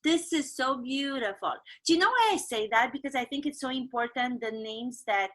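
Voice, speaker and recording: A woman's voice: high voice, lively intonation, normal speed, a bit bright. A woman hosting an interview as an acting coach, speaking earnestly and reflectively. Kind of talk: interview conversation.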